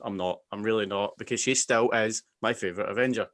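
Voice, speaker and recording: A Scottish man hosting a casual film chat, giving emphatic, animated opinions. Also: mid-range voice, a little fast, few pauses. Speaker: podcast host.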